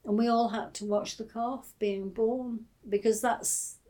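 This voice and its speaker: A woman's voice: fairly high pitch, steady tone, a little slow, dark tone. An older woman from England telling childhood memories in an oral history interview, hesitant and full of fillers, fond as she tells her stories. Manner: hesitant, many fillers and restarts; fond, storytelling.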